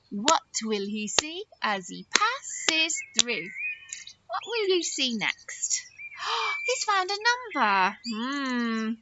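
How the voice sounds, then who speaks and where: A high-voiced woman leads a phonics lesson for small children, her pitch swooping up and down in a sing-song way. She talks slowly and stretches out her words, with bright gasps of surprise. The recording is a little dull, with faint noise behind her. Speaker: nursery teacher.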